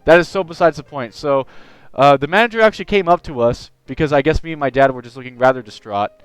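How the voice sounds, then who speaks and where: A young man chatting on a live stream, telling an animated, rambling story. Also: a little high, quick pace, clear, resonant tone, dry recording, soft background music, rough recording. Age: young adult. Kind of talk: casual live-stream chat.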